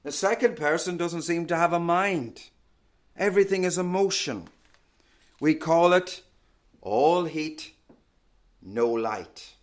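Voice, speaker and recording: A man preaching a sermon in a measured, emphatic teaching manner, often asking rhetorical questions. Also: a little high.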